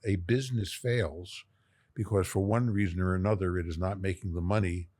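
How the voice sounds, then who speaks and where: Male lawyer on a panel, low and husky, lays out cases through plain analogies. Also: fairly even intonation, moderate pace, darkish tone. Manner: explains with everyday analogies. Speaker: business lawyer. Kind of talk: panel discussion.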